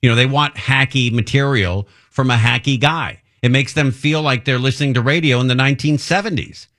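A man's voice: mid-range voice, brisk, a bit bright. A middle-aged man hosting a radio show, joking and laughing at himself. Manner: self-mocking, jokey, laughs often. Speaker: radio host. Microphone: studio mic.

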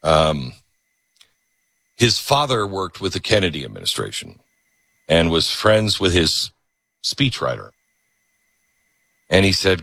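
A talk radio host, a man, rants with biting sarcasm and slips into mocking voices. His voice is husky yet forceful, and it swings widely in pitch. The studio sound is dry and close. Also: a little slow, long pauses, no echo. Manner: animated, sarcastic, mocks others in put-on voices. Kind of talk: ranting political monologue. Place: broadcast studio. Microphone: studio microphone.

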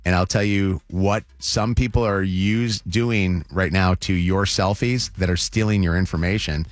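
A man's voice: low-pitched, fairly even intonation, unhurried, dry recording. A man hosting a morning radio show, teasing upcoming segments in casual chat. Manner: promo-style teasers, laughs often.

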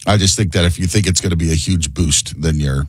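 A man giving measured, skeptical sports analysis on a radio show. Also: deep voice, husky, no echo.

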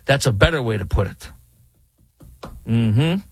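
Middle-aged man, slightly husky, dry close-mic sound, indignant monologue commentator who mocks every quote he reads. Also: medium pitch, expressive, measured pace, no room sound, soft background music, low-quality recording. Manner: indignant, mocking, reads quotes aloud then rebuts them. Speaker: political commentator.

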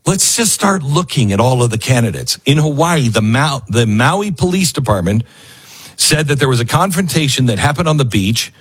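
A man hosts a casual news commentary show, sarcastically acting out the people he quotes in other voices. His voice is medium-pitched and slightly rough, with lively intonation and a normal speed.

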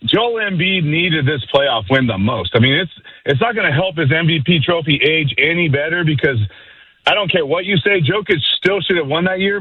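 A high-voiced caller fires off hyped, slangy sports talk. His voice comes through a thin, tinny phone line with no room sound at all. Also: slightly rough, dry recording. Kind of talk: casual call-in chat.

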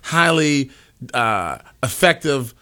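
A man hosting a casual talk show, playful and animated, giving shout-outs to listeners. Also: medium pitch, slow pace. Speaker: host. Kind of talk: casual chat.

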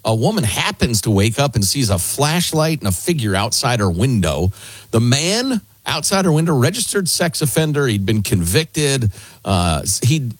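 Male radio host, Chicago-area native, forceful commentary, slightly husky, dry studio. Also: medium pitch, sing-song, moderate pace, no room sound. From Chicago area, United States. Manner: forceful, conversational, reads ad copy.

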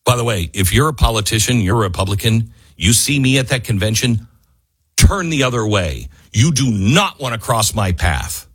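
A man hosts a talk radio show with a husky, slightly rough voice. His pitch leaps and dips widely as he presses his points with fiery conviction. The sound is dry and close to the mic. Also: lively intonation, no echo. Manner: fiery, rising to near-yelling, then quick ad reads. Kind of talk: impassioned political talk radio monologue.

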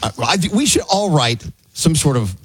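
A man's voice: on the high side, moderate pace. A man hosting a radio morning show in a playful, jokey way, tossing to his co-hosts. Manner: playful, jokey, animated delivery. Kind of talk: casual radio show chat.

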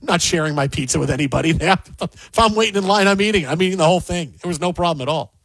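A man with a high-pitched voice talks sports in a rambling, animated way. He keeps repeating himself as he rides each thought. The sound is dry and close to the mic. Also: quick pace, no room sound. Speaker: sports radio host. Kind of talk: casual sports banter.

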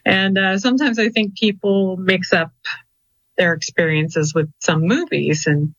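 A woman who coordinates a ghost-hunting group, telling stories in a relaxed interview with many fillers. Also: mid-range voice, a little slow, no room sound, dull audio. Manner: chatty and storytelling, with many fillers. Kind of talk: casual interview chat.

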